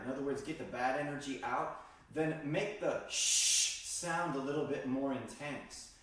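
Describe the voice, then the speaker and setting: A man teaching qigong, calmly guiding breathing exercises and demonstrating the sounds himself. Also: fairly high pitch. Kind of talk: instructional demonstration. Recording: very echoey room, distant mic.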